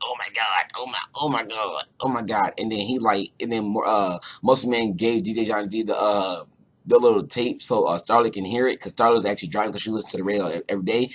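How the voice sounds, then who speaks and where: A man's voice: lowish voice, breathy edge. A young man rambling through a casual episode review, swearing often and leaning on fillers like "you know" and "whatnot". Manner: rambling, profane, lots of fillers. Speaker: cartoon reviewer.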